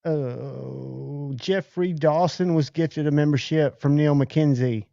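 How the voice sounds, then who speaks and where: Slow, chatty livestream host man. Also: fairly high pitch, vocal fry, dark tone, no room sound, highs cut off. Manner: chatty, thanks viewers by name. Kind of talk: casual livestream chat.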